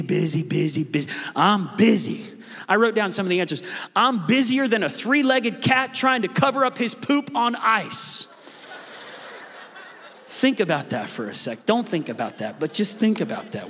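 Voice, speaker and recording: Middle-aged male pastor, lively joking sermon delivery, husky tone, big church-hall reverb. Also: high-pitched. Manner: lively storytelling, quick asides and playful jokes.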